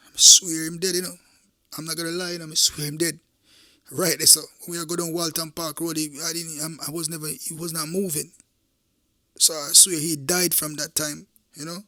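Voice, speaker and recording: A man's voice: fairly high pitch, flat delivery, moderate pace, bright, forceful tone, dry recording, clean studio sound. A middle-aged Jamaican man, a former police officer, recounting a true event in an intense, emphatic way, repeating phrases and speaking straight to his listeners.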